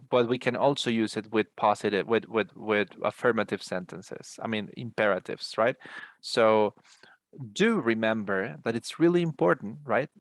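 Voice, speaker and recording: Male teacher, gravelly voice, dry close sound, lecturing students over a video call. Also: lowish voice, fairly bright tone, dry recording. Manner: repeats words, frequent "right?" checks. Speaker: English teacher. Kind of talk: online class explanation.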